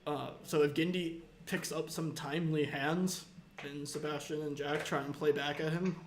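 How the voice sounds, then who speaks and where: A man's voice: a little high, steady tone, normal speed. A man commentating a live poker tournament, breaking down hands carefully and hedging often with "I think.". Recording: echoey room with background noise.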